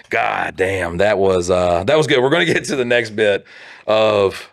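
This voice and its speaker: A man from the Southern United States in his thirties, with a Southern American accent, co-hosting a podcast as an animated, profane storyteller. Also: on the low side, unhurried, gravelly, no room sound, studio quality. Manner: animated, profane storyteller who laughs through his stories. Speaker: podcast co-host. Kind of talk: casual podcast chat.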